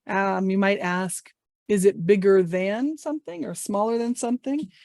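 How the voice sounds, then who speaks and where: A woman's voice: mid-range voice, normal speed, a little mellow, no echo, clean studio sound. A woman teaching English over a video call, playfully leading a guessing game. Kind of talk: online teaching session. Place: home office.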